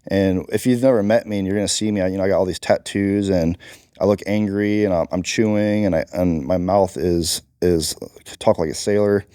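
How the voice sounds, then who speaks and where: Low-voiced blunt veteran man. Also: steady tone, fairly quick, warm tone, smooth, no echo, studio quality. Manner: blunt, emphatic storytelling. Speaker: guest, Marine combat veteran. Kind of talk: candid interview talk.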